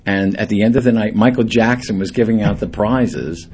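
A middle-aged man, a singer guest on a radio show, telling lively anecdotes and acting out the people in them. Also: on the low side, moderate pace, slight background noise.

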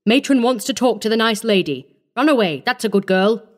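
Woman reading as a brisk, fussy orphanage matron. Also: fairly high pitch, expressive, lightly acted. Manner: brisk and commanding, slightly fussy. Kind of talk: audiobook character voice.

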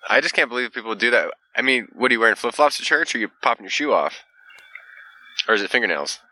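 A man's voice: mid-range voice, animated, fast talker, pushed and bright, dry recording, rough recording. A man hosting a casual podcast chat, joking, teasing and swearing freely. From California. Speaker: podcast host.

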